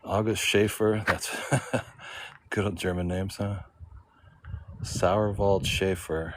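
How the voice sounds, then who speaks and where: Low-voiced man musing aloud outdoors. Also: steady tone, slow, a bit bright, poor audio. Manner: rambling, thinking aloud, asks himself questions. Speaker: vlogger. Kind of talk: casual walking vlog. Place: outdoor cemetery in full sun.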